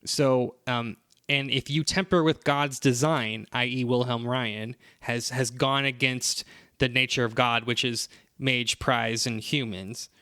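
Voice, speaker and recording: A man's voice: mid-range voice, unhurried, clean tone, no echo. A man casually recapping a comic series on a podcast, rambling with lots of fillers and playful quoted lines. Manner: rambling, animated retelling with many fillers. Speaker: podcast host summarizing a comic. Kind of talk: casual chat.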